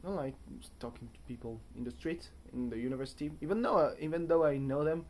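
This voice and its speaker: A young man with a fairly high, slightly mellow voice talks fast, a little hiss or hum audible behind him. Filming a casual vlog in his hotel room, he rambles chattily, jokes at his own expense and strays onto tangents.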